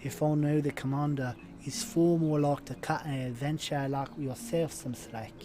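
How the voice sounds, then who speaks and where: A man's voice: a little high, fairly even intonation, moderate pace, dark tone, faint music behind, close to an everyday voice. A man putting on a scheming pirate-tongued lieutenant woman. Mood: conspiratorial. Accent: put-on rough sailor accent, shifting.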